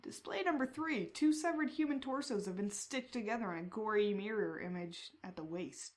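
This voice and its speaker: Woman, text adventure playthrough, reads aloud, excited outbursts. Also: medium pitch, normal speed. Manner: reads descriptions aloud, bursts into excited reactions. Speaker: player reading a text adventure. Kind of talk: casual game playthrough.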